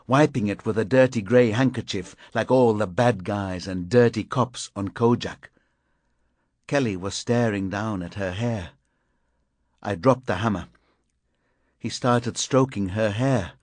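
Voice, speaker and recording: A man reading a crime thriller audiobook in measured, grim first-person narration. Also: fairly low pitch, a little mellow, no echo. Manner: measured, grim, deliberate delivery.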